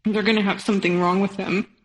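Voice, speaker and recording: A woman in her thirties, guesting on a podcast, tells a personal story emotionally, rapidly acting out what others said. Her medium-pitched voice moves little in pitch, and the rough recording has an echoey room sound.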